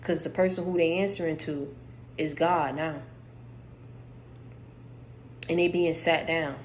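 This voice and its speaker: A woman delivering a spiritual encouragement message, speaking emphatically and straight to the listener, repeating her points, with her voice going hoarse. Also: low voice, fairly even intonation, unhurried, slight background noise, low-quality recording. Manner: emphatic, repeats phrases, addresses listener directly. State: losing her voice.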